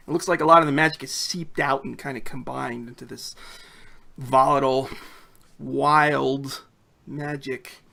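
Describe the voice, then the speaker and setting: Male game master, casual tabletop narration, gravelly bright voice, chatty with fillers. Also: a little high. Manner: loose, chatty, many fillers.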